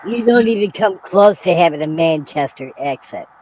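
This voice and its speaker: Older male co-host, mellow and fairly high, plain-spoken in casual chat. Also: lively intonation, normal speed, a little hiss or hum, poor audio.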